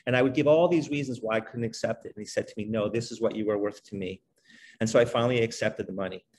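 A middle-aged basketball trainer, appearing as a guest on a podcast, tells his life story in a relaxed, conversational way. His voice is fairly low, and his speech is animated and fast-flowing, full of fillers like "you know" and "like."

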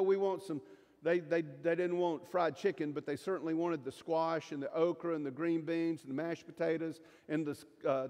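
High-voiced man preaching in a church hall. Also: a little mellow. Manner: folksy, emphatic preaching with jokes and asides. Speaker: pastor. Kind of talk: sermon. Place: church sanctuary. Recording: long reverb of a church hall.

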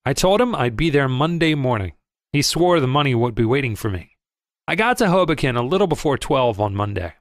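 Lively male audiobook narrator. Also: mid-range voice, a little fast, no echo, studio quality. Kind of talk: first-person audiobook narration.

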